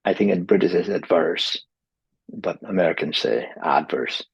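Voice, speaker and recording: Man, teacher, husky voice, lively pitch, patient explaining, dry dull recording. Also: fast, dry recording. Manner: explains patiently, models words with exaggerated stress. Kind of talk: pronunciation lesson.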